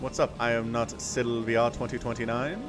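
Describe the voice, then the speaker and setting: A man's voice: medium pitch, level tone, moderate pace, over music. A man casting a strategy game live, chatty and laughing easily as he talks to his chat. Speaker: game caster, channel host. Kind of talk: casual live game commentary.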